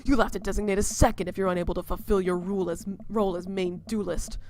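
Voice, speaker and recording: A woman voicing a gruff, brooding middle-aged man and intense film snob, in a low, breathy half-whisper that turns pompous when he lectures. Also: steady tone, fast, darkish tone, close to an everyday voice. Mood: menacing. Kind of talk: voicing a visual novel character.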